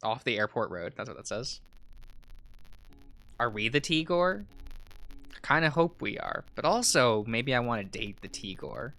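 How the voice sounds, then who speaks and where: A man's voice: medium pitch, very animated, normal speed, pauses often, fairly bright tone. A man streaming a visual novel, reading it aloud with chuckling asides.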